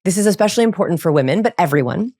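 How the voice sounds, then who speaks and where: A woman's voice: fairly low pitch, animated, very fast, dark tone. A woman, a body language researcher, talking as a podcast guest with energy, laughing often and acting out the lines she quotes. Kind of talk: animated podcast conversation.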